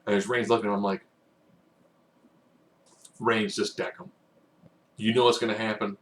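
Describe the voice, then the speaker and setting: A man giving a casual, rambling spoken recap, now and then acting out quotes in loud bursts. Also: lowish voice, level tone, moderate pace. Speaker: wrestling recap host.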